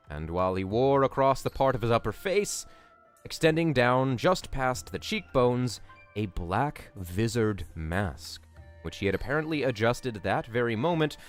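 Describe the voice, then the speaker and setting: A man streaming casually, chatting playfully with viewers and reading a book aloud. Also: mid-range voice.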